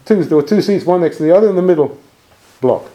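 A man recounts a personal anecdote in a lively, expressive storytelling manner. His voice sits somewhat high and his pitch rises and falls a great deal. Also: quick pace. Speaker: speaker telling a personal story.

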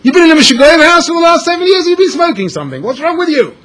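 A man voicing an exasperated, scolding middle-aged wife in a told story, pitching his voice up high. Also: animated, racing, pushed and bright, heavily acted. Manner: shrill, scolding, incredulous.

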